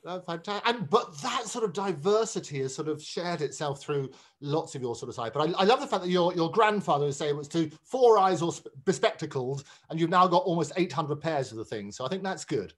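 Male talk host, high voice, swings widely in pitch, eager and stumbling. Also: expressive, fairly quick, few pauses. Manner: enthusiastic, stumbling restarts. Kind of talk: interview.

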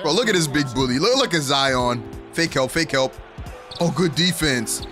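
A man's voice: fairly high pitch, lively intonation, normal speed, over music. Hyped young man commentating a basketball game. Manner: hyped, shouting and laughing at plays. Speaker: gaming YouTuber. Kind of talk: excited gameplay commentary.

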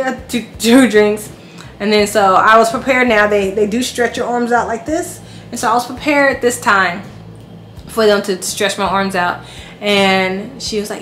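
Animated woman telling a story in an echoey room. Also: medium pitch, moderate pace. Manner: animated, acts out quoted voices. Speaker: vlogger. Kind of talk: casual storytelling. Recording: echoey room with faint noise.

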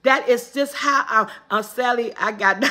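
Woman on a live stream hyping up her viewers, high bright voice, chatty, greets folks by name. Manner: uses Southern US vernacular. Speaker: vlogger hosting a live morning check-in. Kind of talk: casual live-stream pep talk.

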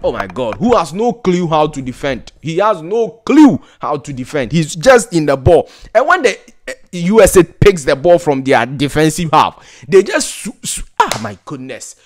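A man's voice: a little high, expressive, normal speed. A man with a Ghanaian accent giving an exasperated, repetitive football rant, laughing in disbelief at times. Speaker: football pundit. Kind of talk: ranting football commentary.

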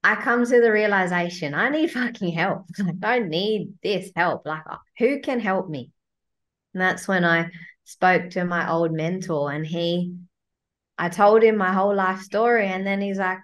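A woman's voice: mid-range voice, unhurried, fairly bright tone. A woman, a guest coach, talking bluntly and swearing freely as she acts out her inner voice in a casual chat.

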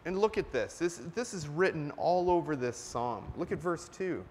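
A man's voice: fairly high pitch, animated, normal speed, darkish tone, slight background noise. A man preaching a sermon in a church, earnest and emphatic, stopping to cough now and then. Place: church sanctuary. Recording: long church reverb.

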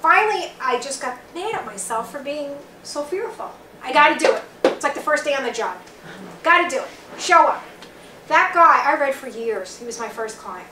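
Here a psychic reader with a Long Island accent, from New York, uses a high voice with lively intonation and a moderate pace. She rambles chattily through a live reading for a small group in a bookstore event room, putting relayed messages in quotes. The sound is roomy and distant, faintly noisy.

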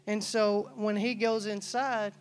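A man's voice: high voice, flat delivery, takes it slowly. Folksy storytelling preacher man. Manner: folksy, storytelling, acts out quoted dialogue; casual, loose, frequent restarts and asides. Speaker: church staff preacher. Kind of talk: conversational sermon with personal stories.

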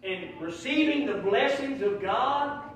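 High-voiced preacher in echoey church. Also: male voice, lively intonation, measured pace. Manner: folksy storytelling, swings from quiet asides to loud shouts. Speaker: pastor. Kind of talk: sermon. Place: church sanctuary. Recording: very echoey church hall, mic far off.

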